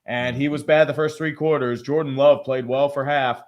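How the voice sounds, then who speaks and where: A man's voice: mid-range voice, steady tone, normal speed. A man co-hosting a casual sports podcast, blunt and sarcastic, who reads viewer messages aloud. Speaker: podcast co-host.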